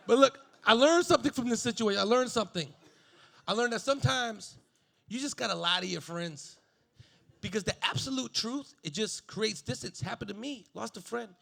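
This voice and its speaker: A young adult man doing a stand-up comedy set, animated and laughing at his own jokes. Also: high voice, gravelly.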